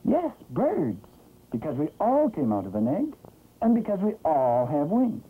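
A man's voice: fairly high pitch, huge pitch swings, moderate pace, breathy edge, pitched above the performer's own voice, exaggerated voice. A man voicing a cocky young male robin in a 1960s cartoon, talking in a chirpy, know-it-all way. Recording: muffled, hissy 1960s film soundtrack.

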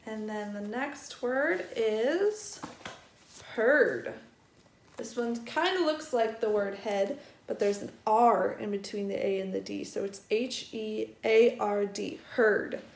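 A woman teaching a first grade vocabulary lesson at a distance, spelling each word out slowly and explaining it gently for young children. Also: medium pitch, gravelly. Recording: echoey room.

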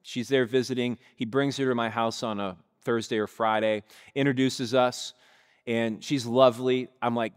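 A man's voice: mid-range voice, steady tone, moderate pace, smooth. A male pastor preaching a sermon, telling a story vividly and speaking directly to his congregation, in a church sanctuary on a stage mic. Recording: long reverb of a church hall.

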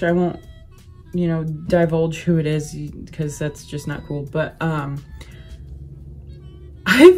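Low-voiced chatty woman beauty vlogger. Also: a little mellow. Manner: chatty, rambling, lots of "like" fillers. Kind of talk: casual chat while doing makeup.

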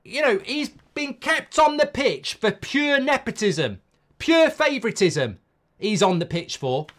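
A man's voice: very high voice, sing-song, measured pace, fairly bright tone. A man hosting a live football reaction, ranting, swearing and exasperated at his team.

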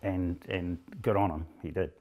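Deep-voiced blunt New Zealand man. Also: steady tone, moderate pace, darkish tone. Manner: plain-spoken, blunt storyteller. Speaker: rescuer being interviewed. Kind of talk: recounting a rescue in an interview.

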